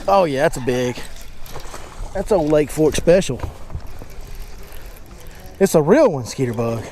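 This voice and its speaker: A man, a fishing guide giving excited commentary from a boat and chatting to his dog in baby talk. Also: fairly high pitch, unhurried, a little hiss or hum. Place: on a boat on a lake, outdoors.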